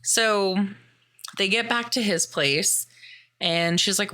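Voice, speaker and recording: Woman, podcast host, from the Midwest, casual movie recap, animated, bright tone. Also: medium pitch, slow pace, pauses often. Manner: animated, chatty, acts out quoted lines.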